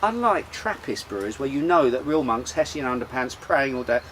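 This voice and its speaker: A man's voice: mid-range voice, sing-song, fairly quick, fairly bright tone, a little hiss or hum, poor audio. A man hosting a casual beer show outdoors, talking in a rambling, chatty way with lots of fillers and restarts. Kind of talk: casual chat about beer. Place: outdoors in sunshine.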